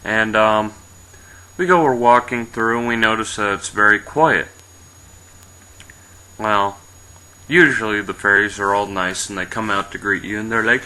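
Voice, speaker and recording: A man's voice: fairly low pitch, unhurried, long pauses, sharp tone, rough recording. A man casually telling an improvised fantasy adventure story, rambling and swearing, briefly voicing his characters.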